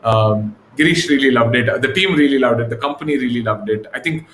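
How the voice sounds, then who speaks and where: A man as an interview guest, telling stories in a relaxed, casual way with lots of fillers and restarts. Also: mid-range voice, fairly quick. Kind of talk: casual conversational storytelling. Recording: echoey room with faint noise.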